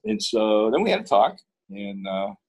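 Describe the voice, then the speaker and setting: A man's voice: lowish voice, very animated, moderate pace, husky, rough recording. A man from Pittsburgh, a guest in an interview, telling a story in a casual way and acting out both sides of the dialogue.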